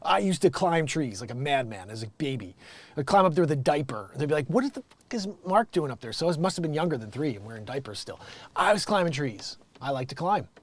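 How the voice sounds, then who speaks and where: A man's voice: mid-range voice, animated, quick pace, no echo. An American man hosting a show, reading news headlines and riffing on them sarcastically, swearing and laughing often. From United States. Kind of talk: improvised comedic news commentary.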